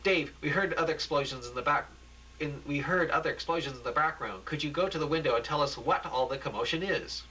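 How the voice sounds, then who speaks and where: A man's voice: fairly high pitch, a little fast, pushed and bright, a little hiss or hum, pitched above the performer's own voice, rough recording. A man voicing an anxious female news anchor who asks urgent, pleading questions. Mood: alarmed.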